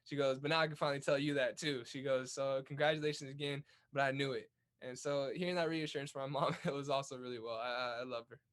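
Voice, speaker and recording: A man's voice: medium pitch, fairly even intonation, fast, a bit bright. A young man from California's Central Valley, a guest telling stories in a casual interview, upbeat with many restarts. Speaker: guest, Olympic boxer.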